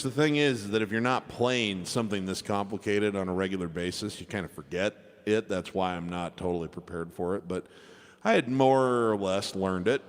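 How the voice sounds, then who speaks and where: A man, a piano entertainer, telling a chatty, rambling story between songs at a live show. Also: fairly low pitch. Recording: long reverb with piano music.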